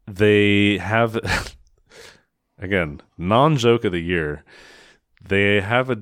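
A man's voice: sits low, unhurried, a bit bright, no echo, studio quality. A man co-hosting a casual movie-review podcast, recapping the plot with sarcastic exasperation. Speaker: podcast co-host.

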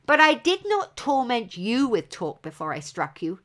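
A woman's voice: fairly high pitch, big pitch swings, moderate pace, a bit bright. A woman voicing a proud, rash young male hero who answers in clipped, defiant retorts.

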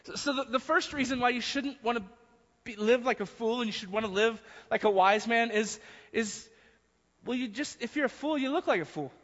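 Guy preaching a sermon, high bright voice, stumbles and repeats words a lot, echoey hall, kinda muffled. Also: a little fast. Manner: emphatic, repeats words, acts out quotes. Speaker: pastor.

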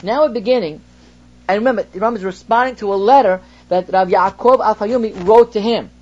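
A man's voice: sits high, brisk, a little mellow. Male rabbi, class lecture: explanatory, poses rhetorical questions; muffled lo-fi recording. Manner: explains by example, poses rhetorical questions, reads Hebrew then translates. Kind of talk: text study lesson.

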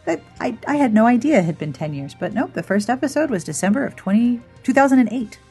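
A woman's voice: fairly high pitch, lively intonation, quick pace, mellow, breathy edge, soft background music. A woman podcast host closing her show in a casual, playful way, chatty and amused by her own jokes.

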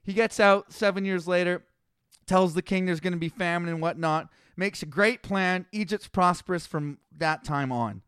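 Man, podcast co-host, high and smooth voice, crude rapid-fire comic storyteller, dry close mic. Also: fairly bright tone, no room sound. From Canada. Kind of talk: casual comedic retelling.

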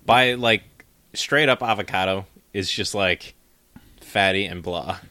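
Low, bright-toned man in a dry room. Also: measured pace, dry recording. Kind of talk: casual chat.

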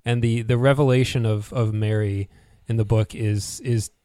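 A man co-hosting a podcast in a casual chat, animated and acting out characters' lines as he recaps. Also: on the low side, moderate pace, clean tone, no echo, clean studio sound. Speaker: podcast co-host.

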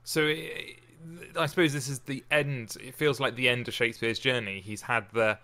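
A man hosting a casual podcast, reading a sonnet in a measured way and then chatting about it with many restarts. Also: medium pitch, steady tone, sharp tone. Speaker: podcast host.

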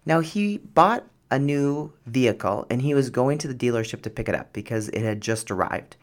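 A woman hosts her podcast in a chatty, frank way, laughing as she talks. Her pitch bounces up and down with a lot of life. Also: animated, normal speed. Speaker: podcast host. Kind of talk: casual storytelling monologue.

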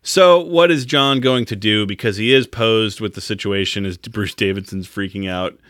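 A man's voice: on the low side, normal speed, fairly bright tone, no echo, studio quality. A man on a podcast casually recapping a movie, joking and swearing as he acts out the characters' lines. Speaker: podcast co-host.

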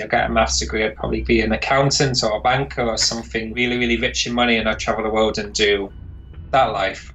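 A man's voice: medium pitch, fairly bright tone, poor audio. A man, a composer chatting in an interview, rambling and searching for words. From northern England. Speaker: composer guest. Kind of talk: casual interview chat.

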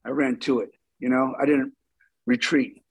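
A middle-aged man, a stunt performer, telling stories in an interview with lively, acted-out dialogue. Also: medium pitch, moderate pace, gravelly, slightly rough, dry recording, rough recording. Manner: animated, acts out quoted dialogue. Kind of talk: storytelling interview.

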